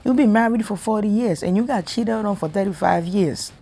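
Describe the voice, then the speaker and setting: An earnest woman preaches straight to her viewers, impassioned and repetitive. Her voice is of middle pitch and rises with feeling. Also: fairly quick, mellow. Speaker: spiritual vlogger. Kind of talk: emotional preaching monologue.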